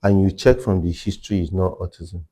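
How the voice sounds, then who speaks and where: A man's voice: low voice, fairly even intonation, a little fast, warm tone. A man working as a hearing care clinician, explaining in an interview and repeating his key points for emphasis.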